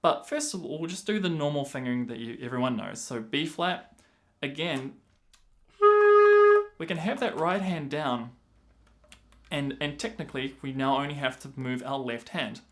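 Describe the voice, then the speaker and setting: Man, patient clarinet teacher, mid-pitched voice, counts and sings rhythms aloud, clarinet between phrases. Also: normal speed, pauses often, fairly bright tone. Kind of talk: instructional explanation.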